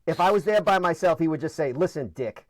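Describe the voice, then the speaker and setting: Fifties man from the Bronx, high lively comic storyteller, dry sound. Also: quick pace, dry recording, low-quality recording. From the Bronx, New York. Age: 50s. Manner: animated, self-mocking. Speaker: podcast guest.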